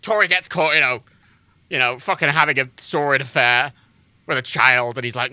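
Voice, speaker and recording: A man's voice: medium pitch, moderate pace, pushed and bright, smooth, no echo. A man livestreaming a flight game, ranting sarcastically about local politics with lots of swearing. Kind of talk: casual gaming-stream rant.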